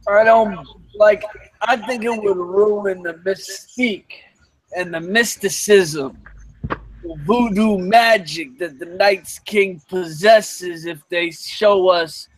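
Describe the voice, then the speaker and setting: A man's voice: sits high, slow, no room sound. A man co-hosting a casual live podcast chat, blunt and profane, with comic asides.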